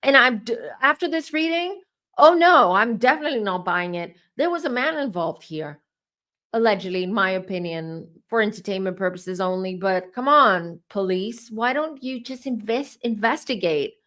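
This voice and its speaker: A woman doing a casual tarot reading for her channel, talking in an animated way and repeating herself as she works up to exclamations. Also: mid-range voice, moderate pace. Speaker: tarot reader.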